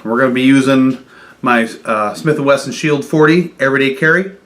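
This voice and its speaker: A man's voice: mid-range voice, fairly quick, a bit bright. A man talking casually through a home how-to vlog, rambling into chatty asides as he works in his kitchen. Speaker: gun owner vlogger.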